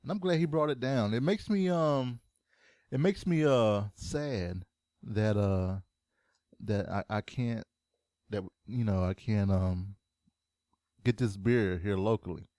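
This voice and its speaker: A man's voice: on the low side, slow pace, pauses often, warm tone, dry recording, studio quality. A man co-hosting a live-streamed show, chatting casually and rambling with plenty of fillers and restarts. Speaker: show co-host.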